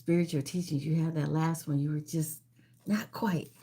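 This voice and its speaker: A woman hosting a casual live-stream trivia game. She reads each question slowly, repeats it, and greets viewers by name. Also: low voice, fairly even intonation, warm tone, husky. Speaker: livestream trivia host.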